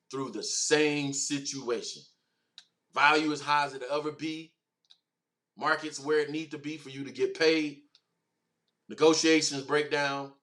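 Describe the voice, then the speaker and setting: Male stream host, animated and slangy, average pitch, riffing with chat. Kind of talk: casual livestream talk, reading chat comments.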